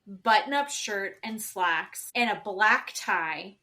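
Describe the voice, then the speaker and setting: Bright, blunt woman gossiping on a podcast. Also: medium pitch, takes it slowly. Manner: blunt, gossipy, animated retelling with quoted voices. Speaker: podcast co-host. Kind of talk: casual reality-TV recap chat.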